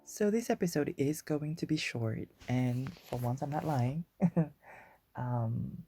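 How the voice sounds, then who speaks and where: A woman's voice: very deep voice, expressive, slow pace, mellow, soft background music. A woman from Guadeloupe with a Guadeloupean accent, hosting a solo podcast in a chatty, rambling way and joking about being wordy. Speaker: podcast host.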